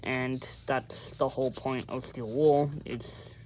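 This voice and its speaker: A man's voice: mid-range voice, fairly even intonation, slow, darkish tone, slight background noise. A man chatting casually through an outdoor how-to vlog, rambling and often correcting himself, recorded on a camera mic by a fire. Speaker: vlogger.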